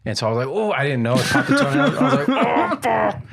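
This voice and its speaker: A man telling crude stories in a casual podcast chat, animated and laughing. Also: medium pitch, racing, crowd noise. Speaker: podcast co-host.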